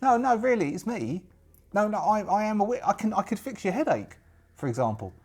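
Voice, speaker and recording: A man's voice: sits high, sing-song, a little fast, slightly rough, pitched above the performer's own voice, full character voice. A man putting on a flustered young jungle witch. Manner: hesitant, flustered, stumbling over words. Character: young kind-hearted female jungle witch.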